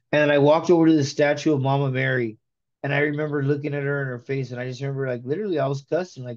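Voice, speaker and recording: A man giving an emotional conversion testimony in casual chat, animated and slangy, telling his story in the present tense. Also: medium pitch, quick pace, highs cut off.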